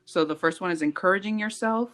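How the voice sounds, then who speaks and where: A woman co-hosting a podcast in casual chat, animated and laughing often, slipping in Spanish phrases. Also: mid-range voice, quick pace. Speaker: podcast co-host.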